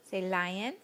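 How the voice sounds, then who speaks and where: A woman's voice: medium pitch, slight background noise. A mother at home talking to her toddler in a coaxing, sing-song voice. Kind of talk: casual talk to a toddler. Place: at home indoors.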